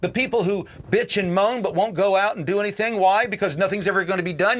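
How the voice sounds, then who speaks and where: A man's voice: sits high, quick pace, hardly any pauses, a bit bright. A man hosting a political livestream, ranting angrily and cursing, often repeating words and restarting sentences. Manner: angry, profane, repeats and restarts. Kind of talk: ranting commentary.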